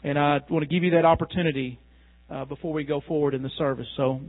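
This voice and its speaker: A man preaching a sermon as pastor, earnest and warm in appeal, closing with a prayer and an altar call. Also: on the high side, fairly even intonation, quick pace. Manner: earnest preaching, rising with emotion when reading the poem. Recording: tinny phone-like sound with mains hum.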